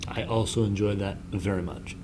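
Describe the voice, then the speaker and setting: A woman's voice: extremely low pitch, steady tone, normal speed, noisy background. A woman co-hosting a painting lesson, dry and joking in her banter. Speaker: co-host. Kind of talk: casual banter.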